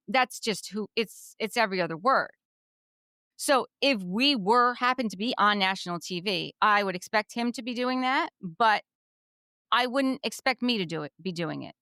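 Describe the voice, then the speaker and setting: A woman's voice: mid-range voice, clear, resonant tone, no echo, studio quality. A woman from New Jersey co-hosting a podcast, chatting casually and retelling reality-show scenes with a lot of repetition. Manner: chatty, repeats herself, animated retelling. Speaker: podcast co-host.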